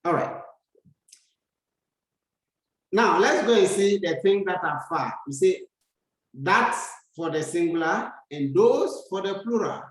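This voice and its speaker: Male grammar teacher, unhurried and repetitive, raised pitch, strong room echo. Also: expressive. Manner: slow, deliberate, repeats sentences for learners. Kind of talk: slow grammar lesson. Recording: echoey room.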